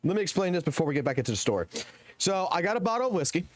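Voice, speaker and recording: A man's voice: high voice, very animated, very fast, a little hiss or hum. A young man from the American South with a Southern accent, ranting heatedly and profanely on his live game stream.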